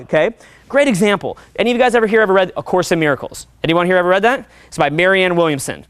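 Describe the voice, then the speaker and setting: A man giving a live seminar talk as a dating coach. He talks in a profane, energetic, chatty way and keeps checking in with the crowd. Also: high voice, quick pace, no room sound.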